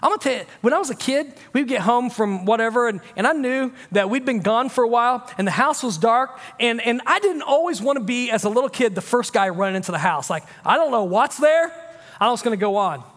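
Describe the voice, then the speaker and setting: A man's voice: very high-pitched, expressive, fairly quick, fairly bright tone, big-room sound. A man pastor preaching a sermon, swinging between emphatic declarations and casual, confiding talk.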